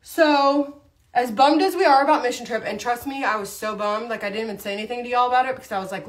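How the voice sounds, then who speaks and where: Woman, slightly high voice, casual rambling livestream storyteller. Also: fast talker. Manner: rambling, animated storytelling with frequent asides. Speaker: livestream host, mom. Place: at home doing makeup.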